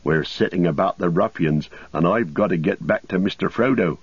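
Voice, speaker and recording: A man's voice: low-pitched, normal speed, husky, no room sound. A man voicing a loyal, plain-spoken young male hobbit with homely speech. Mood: earnest. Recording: dull lo-fi recording.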